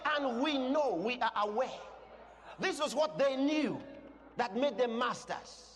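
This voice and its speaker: A man preaching a sermon to a congregation, speaking emphatically and breaking into shouted declarations. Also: extremely high pitch. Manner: asks the congregation questions. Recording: long reverb in a large hall.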